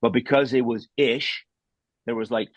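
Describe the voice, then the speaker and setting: A man's voice: medium pitch, normal speed, no room sound. A man talking as an author and podcast guest, telling a story casually, acting out what people said, with blunt, salty wording. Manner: animated, re-enacts dialogue, blunt and salty.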